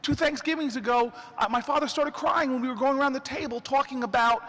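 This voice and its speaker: A man's voice: very high voice, fairly even intonation, fast talker, pushed and bright. A man giving an inspirational speech to an audience, telling stories with humor and earnest conviction. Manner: storytelling orator, humorous and earnest. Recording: long reverb in a large hall.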